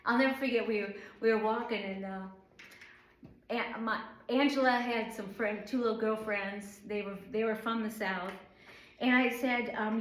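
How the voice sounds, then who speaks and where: A woman's voice: mid-range voice, fairly even intonation, moderate pace, a little hiss or hum. A middle-aged woman from the northern United States teaching an informal Bible study, rambling and chatty with many fillers. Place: church room. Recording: echoey room.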